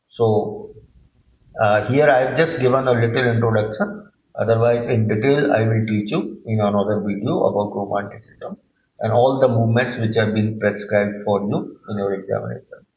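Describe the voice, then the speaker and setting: A man teaching English literature, working through a poem in a halting, filler-laden lecture. His voice rings in a roomy space, and the recording sounds a little dull. His pitch sits in the ordinary middle range for a man. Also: a little mellow. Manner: halting, with frequent fillers and repeated words. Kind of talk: explanatory lecture.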